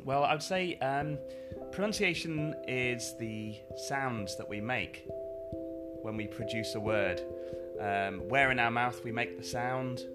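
A man from the north of England with a northern English accent, an English teacher answering podcast questions in a measured, explanatory way with frequent ums. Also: mid-range voice, loud music behind the voice.

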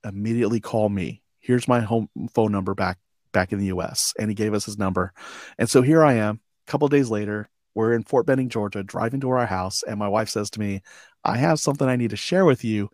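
A man in his forties, a veteran guest on an interview show, tells lively anecdotes and acts out the dialogue with frequent chuckles. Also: on the low side, brisk, no echo, studio quality. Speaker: podcast guest, army veteran. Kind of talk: storytelling interview.

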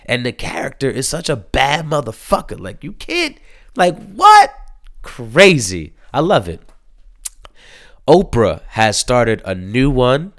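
A man's voice: medium pitch, expressive, unhurried, dry recording, clean studio sound. A man giving a casual spoken review of a TV show, rambling and profane, with many fillers.

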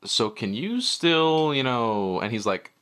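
Mid-pitched guy, super expressive ups and downs, tells stories on a podcast. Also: slow, smooth. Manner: animated storyteller, acts out quotes. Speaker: podcast co-host. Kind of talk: casual chat.

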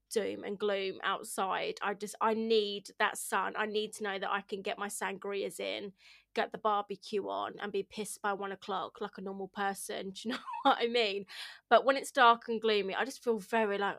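A woman's voice: medium pitch, gravelly, fairly bright tone, no room sound, clean studio sound. A woman in her thirties chatting casually to her viewers, rambling, swearing and laughing as she goes. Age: 30s. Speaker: vlogger. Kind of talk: casual chat to camera.

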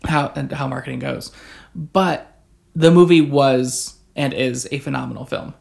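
A woman with a very low voice and a gravelly, fried edge chats about films as a podcast co-host. She is enthusiastic and emphatic, often chiming in to agree. Her talk is loose and conversational. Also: steady tone, a little slow, darkish tone. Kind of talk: casual movie chat.

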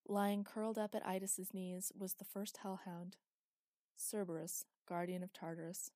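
A woman narrating a fantasy story in an even, measured reading. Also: medium pitch, no echo, studio quality.

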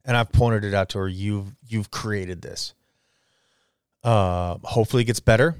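A man's voice: lowish voice, fairly even intonation, normal speed, clean tone, no echo, studio quality. A man in his forties hosting a solo podcast, ranting bluntly and swearing freely. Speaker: podcast host. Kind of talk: casual solo podcast rant.

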